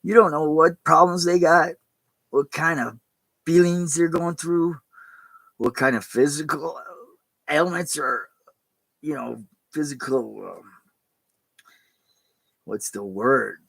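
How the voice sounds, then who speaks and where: A pastor talks to his viewers in a loose, rambling sermon, cursing mildly now and then. His voice is gravelly and bright, a little higher than most men's. It sounds close and dry. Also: slow, pauses often, no room sound, poor audio. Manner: rambling, plain-spoken, mild cursing. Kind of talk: casual streamed sermon talk.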